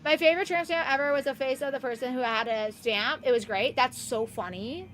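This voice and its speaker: Woman streamer, bright high voice, casual excitable chatter, doting pet talk. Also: a little fast, slight background noise. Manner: chatty and excitable, reacting out loud; soft doting baby talk to her pet. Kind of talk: casual live-stream chat while gaming.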